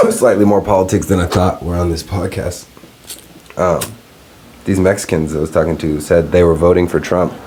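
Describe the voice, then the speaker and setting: A man's voice: sits low, wildly swooping pitch, a little slow, pauses often, darkish tone, slight background noise. A man hosting a solo podcast, talking loosely and profanely while smoking and telling stories. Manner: loose, profane, storytelling with laughs. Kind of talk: casual solo podcast rant.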